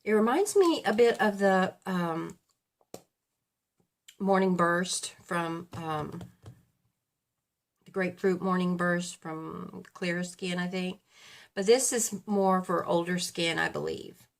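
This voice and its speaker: A woman's voice: fairly low pitch, slow pace, gravelly, pauses often. Fifty-something lady vlogging her faves, rambly chit chat, keeps fixing her own words. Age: 50s. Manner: rambling, chatty, self-correcting. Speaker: beauty vlogger. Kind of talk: casual chat.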